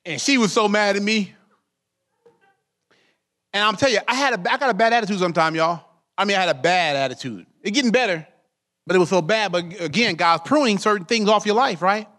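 A man's voice: sits high, brisk, a bit bright. A man preaching a sermon as pastor, calling his congregation saints and drawing them in with call-and-response questions.

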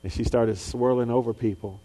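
A man preaching a sermon, dropping low and soft, then rising high and loud, and acting out the voices of people in his stories. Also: steady tone, normal speed. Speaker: pastor.

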